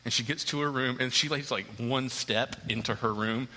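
A man in his thirties preaching a sermon, an animated storyteller who acts out the scenes as he tells them. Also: medium pitch, moderate pace. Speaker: pastor. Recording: long hall reverb.

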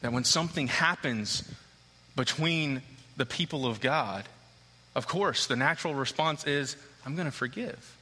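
A man in his thirties preaching a sermon, an animated storyteller who acts out the scenes as he tells them. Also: mid-range voice, a little slow. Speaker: pastor. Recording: long hall reverb.

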